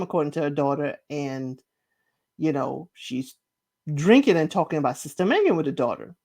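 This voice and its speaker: A woman's voice: fairly low pitch, darkish tone. A woman casually recapping a TV series, acting out the characters' lines with big swings in her voice. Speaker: podcast host recapping a TV series.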